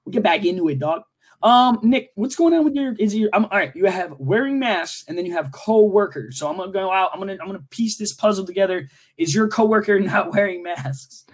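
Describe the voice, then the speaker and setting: A young man co-hosts a casual podcast in a high-pitched voice. He talks loosely and jokes around, cursing freely as he chats with his friend. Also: lively intonation, a little fast. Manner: loose, joking, swears freely. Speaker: podcast co-host. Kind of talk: casual chat.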